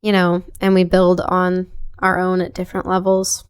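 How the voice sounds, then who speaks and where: A woman's voice: on the low side, completely flat delivery, moderate pace, smooth. A young woman guest on a podcast, talking in an earnest, reflective way with many "like"s. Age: young adult. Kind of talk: casual podcast conversation.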